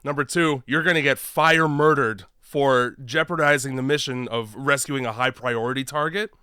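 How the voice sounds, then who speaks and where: A man's voice: mid-range voice, moderate pace, sharp tone, clean tone, dry recording, studio quality. A man co-hosting a movie podcast in casual chat, blunt and sarcastic, swearing freely. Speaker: podcast co-host.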